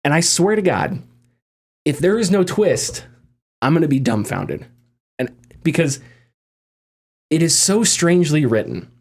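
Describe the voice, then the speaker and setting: A man talking casually on a gaming podcast, animated and rambling, often restarting his sentences. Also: on the high side, measured pace, long pauses, husky. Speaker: podcast host.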